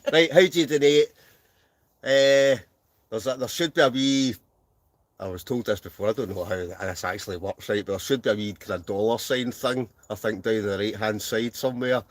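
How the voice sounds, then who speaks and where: A man's voice: fairly low pitch, fairly even intonation, normal speed, no room sound. A Scottish man hosting a live stream from inside a camping tent, reading out viewers' comments with lots of jokes and laughter. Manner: jokey, laughs often, reads names aloud. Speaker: wild camping channel host.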